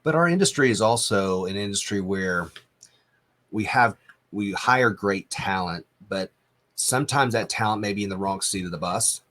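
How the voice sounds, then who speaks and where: A man with a fairly low voice hosts a business podcast. He asks questions in a loose, rambling way and chimes in with his own enthusiastic views. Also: expressive, moderate pace, a bit bright. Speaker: podcast host. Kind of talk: interview conversation.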